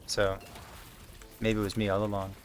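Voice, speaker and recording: A man's voice: fairly low pitch, monotone, moderate pace, soft background music. A man in his thirties chatting casually while streaming a game, rambling through a story with lots of fillers. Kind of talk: casual gaming stream chat.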